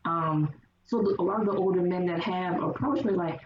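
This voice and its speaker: A woman's voice: on the low side, normal speed. Woman guest in an echoey, distant recording. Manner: animated storyteller who acts out quotes. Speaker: podcast guest. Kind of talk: casual conversation. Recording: echoey, distant, dull lo-fi, faint noise.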